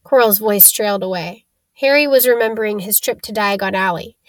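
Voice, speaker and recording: A woman narrating a story for an audiobook in a steady, clear manner. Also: medium pitch, brisk, no echo. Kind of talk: scripted narration.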